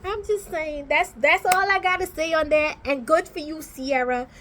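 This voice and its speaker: A woman's voice: high-pitched, normal speed, a little hiss or hum. A woman vlogging from her small home office, chatting casually and sassily to camera as she reviews TV shows. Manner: animated, sassy, outspoken.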